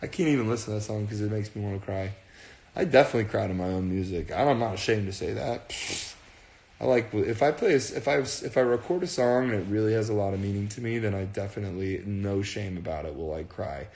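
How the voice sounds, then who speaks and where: A man's voice: on the low side, quick pace, vocal fry, a little mellow, echoey room. A man chatting casually on a phone livestream, earnest and rambling, often repeating himself. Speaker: band frontman on a livestream.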